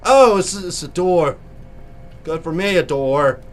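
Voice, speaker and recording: Excitable young gamer man, sore throat. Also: a little high, slow. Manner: excitable, jokey, theatrical. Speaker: gaming YouTuber. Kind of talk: let's play commentary.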